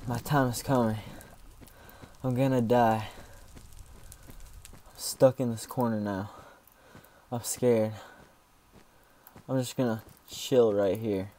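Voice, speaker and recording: A man's voice: mid-range voice, steady tone, takes it slowly, pauses often, dark tone. A man giving let's play commentary, joking around and yelping in mock panic when things go wrong. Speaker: gaming YouTuber.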